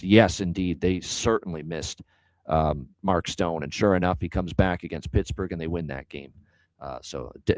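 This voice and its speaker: A man's voice: deep voice, dry recording, low-quality recording. A man hosting a sports betting show, talking through his picks in an emphatic, casual way.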